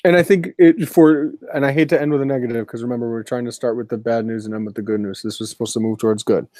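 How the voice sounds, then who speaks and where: Mellow-voiced teasing male podcast host. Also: mid-range voice, fairly even intonation, fast, no echo, clean studio sound. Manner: teasing, joking. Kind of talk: casual chat.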